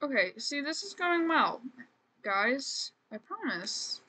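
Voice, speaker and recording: A woman's voice: high-pitched, big pitch swings, slow pace, pushed and bright. A woman streamer giving casual, chatty, self-deprecating commentary while she plays a life-sim game. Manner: chatty, self-deprecating, says "man" and "frickin'" a lot.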